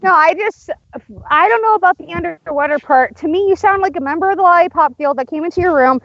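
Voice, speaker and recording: A woman's voice: extremely high pitch, fast, fairly bright tone, no echo. A woman co-hosting a casual podcast, playful and teasing, acting out the lines she quotes. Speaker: podcast co-host. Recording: dull lo-fi online call.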